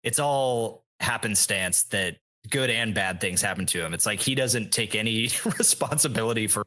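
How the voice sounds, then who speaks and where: Bright-voiced man in casual podcast chat. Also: on the low side, normal speed. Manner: excited, profane, acts out quotes. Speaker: podcast co-host.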